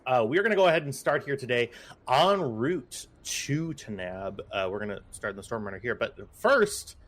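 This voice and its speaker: A man's voice: medium pitch, very animated, moderate pace, a bit bright. A man running a tabletop game for his friends, his voice moving up and down freely as he sets the scene. He talks loosely and jokes around, wandering into asides before getting back to the story. He sounds at ease with the group. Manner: loose and joking, trailing off in asides. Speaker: game master.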